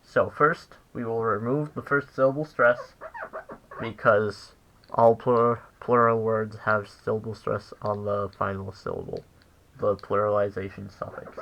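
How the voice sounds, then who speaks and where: A young man giving a casual language lesson, halting and full of fillers as he corrects himself. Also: lowish voice, fairly even intonation, vocal fry, fairly bright tone, muffled recording. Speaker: language teacher.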